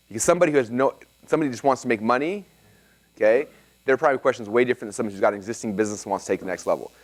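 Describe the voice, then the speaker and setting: A man teaching a live seminar to an audience and taking their questions, energetic and excitable, often checking in with "okay?". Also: mid-range voice. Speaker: seminar presenter.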